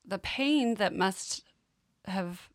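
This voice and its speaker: A woman's voice: medium pitch, animated, extremely slow, dry recording, clean studio sound. A woman hosting a podcast interview, asking questions and responding with empathetic short interjections. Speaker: podcast host.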